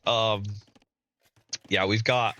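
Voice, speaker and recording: A man's voice: lowish voice, steady tone, very slow, pushed and bright. A man streaming a community strategy game, casually commentating and reading out players' chat, often chuckling.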